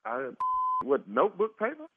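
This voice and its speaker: A man's voice: medium pitch, wildly swooping pitch, normal speed, breathy edge, no room sound. Exasperated man on a phone line. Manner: exasperated, breaks into laughter. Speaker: prank call target.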